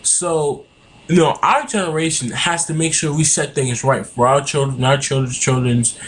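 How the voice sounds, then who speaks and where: A man's voice: on the high side, fairly even intonation, normal speed, slight background noise. A young man in a heated, profane political rant, recorded on a webcam at home. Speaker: vlogger. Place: home room.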